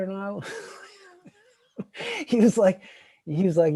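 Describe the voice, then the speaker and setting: A man co-hosting a casual chat, telling a story animatedly and acting out other people's lines loudly. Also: on the high side, big pitch swings, unhurried, pauses often, no room sound. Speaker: co-host.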